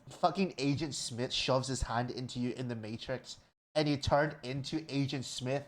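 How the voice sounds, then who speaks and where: A man ranting casually on a livestream, rambling and swearing, stumbling over restarts and jumping into loud, excited bursts. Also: moderate pace. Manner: jumps to loud, high excited bursts with laughter. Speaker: streamer.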